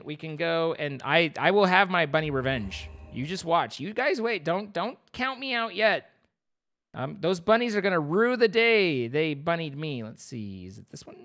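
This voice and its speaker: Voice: mid-range voice, fairly bright tone. A young adult streamer giving playful, rambling live commentary over a game, breaking into squeals of mock panic.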